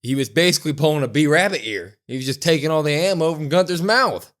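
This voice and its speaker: A young man with a slightly high voice co-hosts a casual podcast. He retells events with lively energy and plays out every quoted line himself. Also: fast. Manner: animated retelling, acting out quoted lines. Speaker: podcast co-host.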